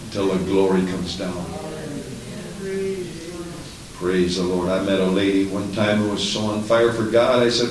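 An older man preaching an impassioned sermon in a church, swinging between booming and hushed. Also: level tone, measured pace. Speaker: pastor. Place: church sanctuary. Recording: echoey church with faint hiss.

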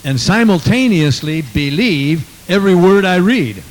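A man's voice: high-pitched, expressive, a little slow, rough recording. A man preaching a sermon with fervent conviction, reading scripture aloud and repeating his praise phrases.

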